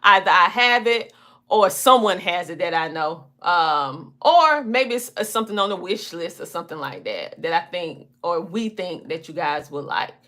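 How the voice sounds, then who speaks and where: Bright-voiced Southern woman chatting. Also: lowish voice, lively intonation, normal speed. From small country town in the US South. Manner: chatty storytelling, down-home phrasing. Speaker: podcast host. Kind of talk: casual chat.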